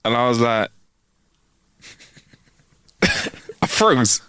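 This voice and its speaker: Man, podcast co-host, animated, very lively pitch, dry close mic. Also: drawn-out words, clear, resonant tone, no room sound. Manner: animated storytelling, bursts of laughter. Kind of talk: casual podcast chat.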